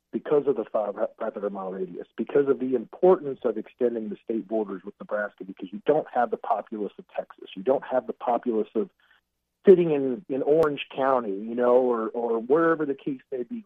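A man on a phone call, a recruiting analyst chatting casually as a guest and telling rambling, animated stories. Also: medium pitch, no room sound. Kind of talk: casual podcast chat by phone. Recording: dry tinny phone line.

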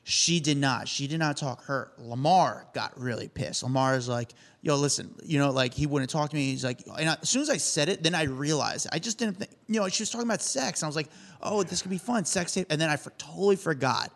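A man's voice: on the high side, brisk, vocal fry, few pauses. A man co-hosting a podcast, telling a celebrity anecdote in casual chat and acting out the dialogue. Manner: animated storyteller, acts out quoted dialogue. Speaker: podcast co-host.

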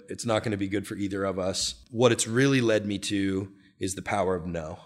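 A man speaking candidly as an interview guest, earnest and animated, sometimes rising into excited bursts. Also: fairly low pitch. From United States. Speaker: guest, real estate brokerage founder.

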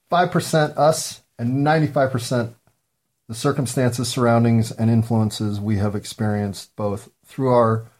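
A man hosting a solo talk show, rambling through jokes and musings with many ums and pauses while high. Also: darkish tone. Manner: meandering, joking asides, frequent ums and pauses. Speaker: podcast host.

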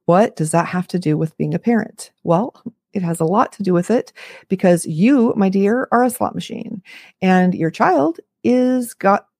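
A woman's voice: medium pitch, normal speed, a little mellow, husky, no room sound. Woman, fifties, parenting coach talking straight to listeners; chatty and frank with wry asides, dry close sound. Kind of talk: casual talk to camera.

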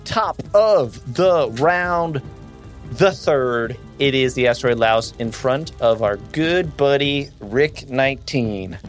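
Lively man running a tabletop game. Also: slow pace, faint music behind. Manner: animated, laughs often, jumps into high silly voices. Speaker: game master.

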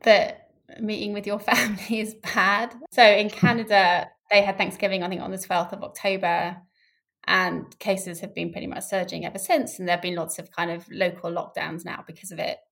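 A woman's voice: medium pitch, level tone, normal speed, vocal fry, fairly bright tone. A middle-aged woman, a scientist guest, explaining things candidly in casual conversation and laughing easily.

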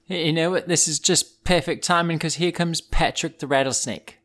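A man's voice: on the high side, moderate pace. Goofy man talking to kids. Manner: silly, animated, goes off on tangents. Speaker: children's podcast host. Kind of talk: playful storytelling for kids.

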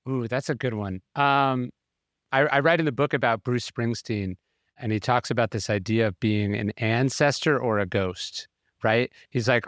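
A man with a smooth, resonant voice, reflecting thoughtfully as a podcast guest. The sound is dry and close, with no room echo. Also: mid-range voice, normal speed, fairly bright tone. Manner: thoughtful, reflective, loose with fillers. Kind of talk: casual conversation.

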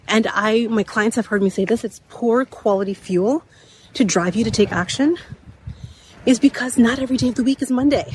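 Woman, thirties, slightly raspy, out of breath, higher-pitched, encouraging podcast host, faint outdoor hum behind. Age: 30s. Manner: encouraging, repeats key points, laughs often. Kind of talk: motivational solo talk. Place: outdoors walking up a hill.

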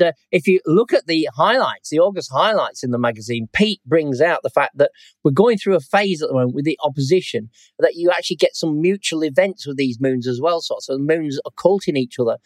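A man's voice: on the high side, dry recording. A middle-aged man chatting about the night sky as a podcast co-host, rambling and tossing in "sort of thing". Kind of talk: casual chat.

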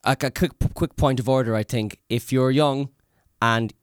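A man's voice: medium pitch, normal speed, smooth, dry recording, clean studio sound. A man co-hosting a podcast, chatting casually and rambling with plenty of hesitations. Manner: rambling, hesitant with many ums. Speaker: podcast co-host. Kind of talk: casual chat.

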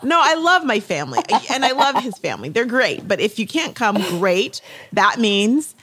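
A woman co-hosting a podcast, chatting casually and telling stories with lively quoted voices. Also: a little high, normal speed, a little hiss or hum. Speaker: podcast co-host. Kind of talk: casual chat.

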